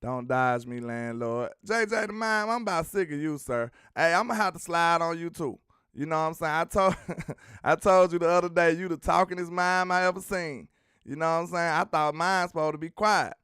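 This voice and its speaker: A man's voice: on the high side, normal speed, clean tone, no echo, studio quality. A man hosting a sports talk show, chatting casually and teasing viewers as he reads out their comments. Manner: animated, slangy, teasing the chat.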